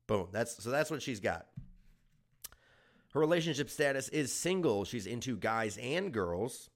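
A man's voice: mid-range voice, fairly bright tone. A young adult man from Germany hosting a comedy podcast, riffing crudely and sarcastically. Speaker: podcast host.

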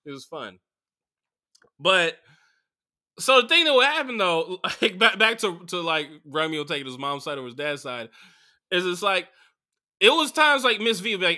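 A young man hosts a comedy podcast with a very bright, forceful voice. His pitch sits a little high for a man. He tells crude, animated stories packed with fillers. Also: normal speed, pauses often. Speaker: podcast host. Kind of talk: casual comedic storytelling.

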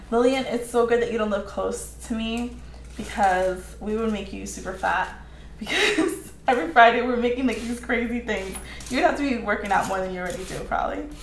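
A woman's voice: mid-range voice, slight background noise. A woman chatting casually while she cooks in her home kitchen, laughing often and reading out viewers' comments. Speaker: home cook live-streaming. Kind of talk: casual cooking stream chat. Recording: echoey kitchen with faint clatter.

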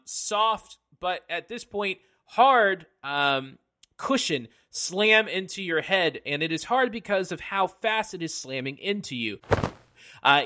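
Game master, man, bright tense voice, halting narration full of fillers. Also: on the high side.

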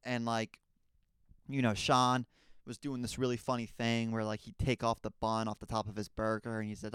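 A young man spins a comedic story for his podcast, tripping over his words and swearing freely. His voice is smooth and clear at a middle pitch. The recording is dry and close to the mic. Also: fairly even intonation, fairly quick, no echo. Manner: rambling, stammering, profane. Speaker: podcast host.

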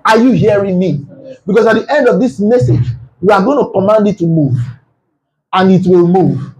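High-voiced man preaching with emphatic force. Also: normal speed, highs cut off, soft background music. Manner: emphatic, rhetorical questions, bursts into shouting. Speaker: pastor. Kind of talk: sermon. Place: church.

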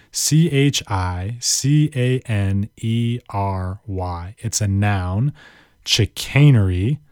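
A man leads a laid-back vocabulary lesson, lingering playfully over each word and tossing in self-mocking asides. His pitch leaps up and down with lively energy. The sound is dry and close, with no room around it. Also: dry recording. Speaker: podcast host.

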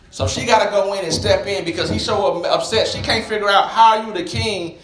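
Folksy high-voiced pastor preaching, recorded in a reverberant sanctuary. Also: male voice, a little fast, few pauses. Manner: animated, folksy, talks straight to the congregation. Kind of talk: sermon.

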